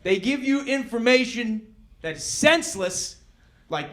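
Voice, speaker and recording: Middle-aged male stand-up, very high voice, relaxed storyteller who erupts into shouts, live club stage. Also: unhurried. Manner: laid-back storytelling with bursts of shouting. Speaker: stand-up comedian. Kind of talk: stand-up comedy set. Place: comedy club stage with audience laughter.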